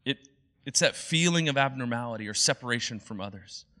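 A man's voice: mid-range voice, lively intonation, fairly quick, pushed and bright. A young adult man preaching a sermon as a pastor, in an earnest, conversational way. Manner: earnest, conversational, acts out quoted voices.

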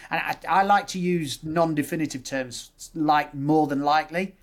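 A male dentist with a Yorkshire accent explaining his methods in a podcast conversation, laying out options in steady lists. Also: fairly high pitch, normal speed. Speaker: dentist guest.

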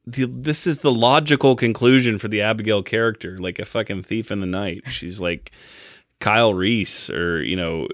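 A podcast co-host retelling a film in a loose, profane and joking way, slipping into the characters' lines. His voice sits fairly low but sounds bright and forceful. The sound is dry and close, with no room around it. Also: no room sound. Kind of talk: casual movie recap chat.

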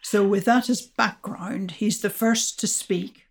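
An older woman, an astrophysicist guest, recounting her discovery in a measured, explanatory way. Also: mid-range voice, steady tone. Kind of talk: storytelling interview answers.

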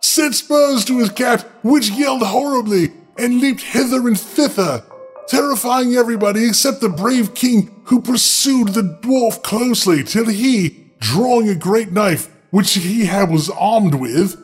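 A man reads a fairy tale aloud for laughs, often stopping for sardonic asides to his listeners. His voice sits high, with faint music playing quietly underneath. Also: a little slow. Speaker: storyteller. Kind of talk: comedic fairy tale reading.

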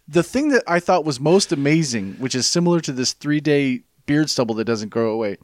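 A man in casual podcast chat, picking apart a movie's clichés with sardonic, deadpan complaints. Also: on the high side, a little fast, no echo, clean studio sound.

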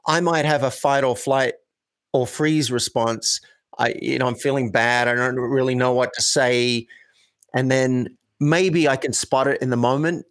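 A man's voice: medium pitch, a little slow, no room sound. A man who is a coach and a guest, talking reflectively in an interview and acting out example dialogues. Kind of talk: conversational interview.

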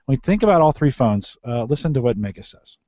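A man's voice: mid-range voice, big pitch swings, fast talker, warm tone, no room sound. A man hosting a casual tech podcast, loose and jokey. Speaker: podcast host. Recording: dry lo-fi podcast mic.

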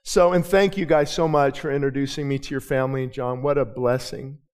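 A pastor preaching a sermon in a church, swinging from soft, halting storytelling to loud, fervent proclamation full of repeated phrases. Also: male voice, medium pitch, steady tone, slight background noise. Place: church with a balcony.

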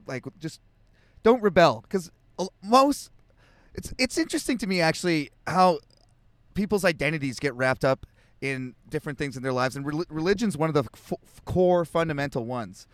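A man's voice: fairly high pitch, expressive, moderate pace, no echo. A man co-hosting a casual comedic podcast, reading scripture aloud between loose tangents. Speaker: podcast co-host. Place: home podcast setup in Austin.

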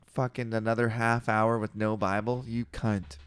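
A man's voice: lowish voice, level tone, normal speed, clear, resonant tone, no room sound, studio quality. A young man co-hosting a podcast, swearing and joking in casual chat while reading scripture aloud with wry asides. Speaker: podcast co-host.

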